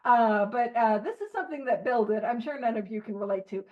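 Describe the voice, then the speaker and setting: A woman leading a recovery book study, talking in an animated, joking, self-deprecating way. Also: on the high side, brisk. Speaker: study leader. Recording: dull lo-fi recording.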